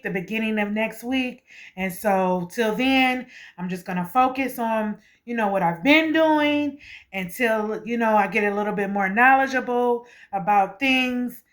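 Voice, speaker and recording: A woman's voice: a little high, fairly bright tone. A woman hosting her spiritual vlog, emotional and grateful, tagging nearly every sentence with "okay" and breaking into laughter. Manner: emotional, repeats "okay" often; laughs and gushes with gratitude. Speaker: spiritual channel host.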